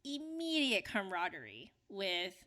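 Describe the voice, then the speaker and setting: A woman's voice: medium pitch, wildly swooping pitch, measured pace, pushed and bright. A young woman from Canada, co-hosting a podcast in casual chat, talkative with lots of fillers and restarts. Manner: chatty, many fillers and restarts. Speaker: podcast co-host.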